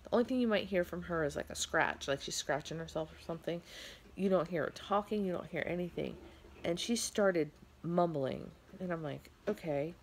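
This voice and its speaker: A tired middle-aged woman tells a rambling story to her camera at home, her voice gravelly and sitting a little low. She keeps slipping in fillers as she goes, over a faint hiss of background noise. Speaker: vlogger. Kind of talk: casual storytelling vlog.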